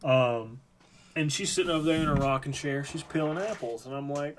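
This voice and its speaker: A man's voice: medium pitch, fast talker. A man hosting a live stream, telling a rambling, profane story in a casual chat. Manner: rambling, profane, lots of fillers.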